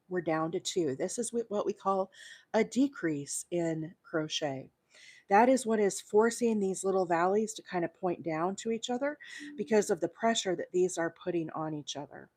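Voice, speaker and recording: A woman's voice: medium pitch, a little mellow. Brief: woman host from Alabama, live crochet demo, chatty and patient, mid-range voice. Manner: friendly, greets viewers by name while counting stitches.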